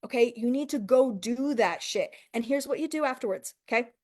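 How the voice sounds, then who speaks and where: A woman's voice: fairly high pitch, brisk, a little mellow. Fiery, foul-mouthed woman coaching. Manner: profane, emphatic, talks straight to the viewer; rhetorical questions and frequent "okay" and "right". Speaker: business coach. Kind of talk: motivational coaching talk to an audience.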